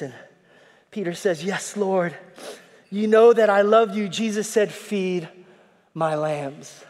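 A male pastor preaching a sermon, folksy, swinging from shouting to hushed tones and calling out to the congregation. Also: high-pitched, slow pace, long pauses. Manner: folksy, repeats calls to the congregation. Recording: long hall reverb.

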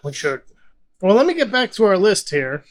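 Man, podcast co-host, high voice, joking banter, laughs a lot. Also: big pitch swings, normal speed. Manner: joking, laughs often, reads aloud. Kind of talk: casual banter.

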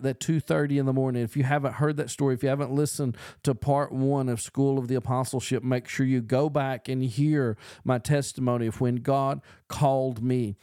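A man's voice: mid-range voice, a little mellow, clear, resonant tone, no room sound, studio quality. A man preaching a podcast sermon in an earnest, emphatic way, building on repeated phrases.

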